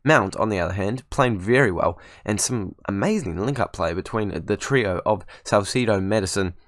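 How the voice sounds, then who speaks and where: Young guy rambling over a football sim, lowish voice, dry close sound. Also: expressive, moderate pace, no echo. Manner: chatty, self-mocking, rambling asides. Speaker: gaming YouTuber. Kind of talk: casual gameplay commentary.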